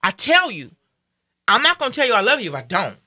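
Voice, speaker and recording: Bright, emphatic middle-aged woman host. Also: a little high, sing-song, fast, no room sound, studio quality. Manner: emphatic, heartfelt, repeats phrases for weight. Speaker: talk show host. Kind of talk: casual chat.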